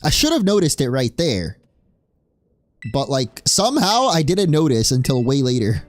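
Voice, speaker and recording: A young Spaniard offers jokey, casual commentary while playing a video game on stream, cheering at the screen. His medium-pitched voice has a sing-song lilt and a moderate pace.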